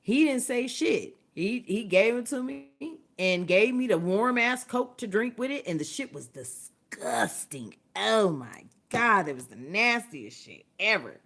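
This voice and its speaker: A woman's voice: medium pitch, a little slow, hardly any pauses. Profane, laughing woman telling a story. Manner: profane, animated, laughs often while telling. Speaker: livestream host. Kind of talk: casual storytelling. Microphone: phone or webcam, livestream.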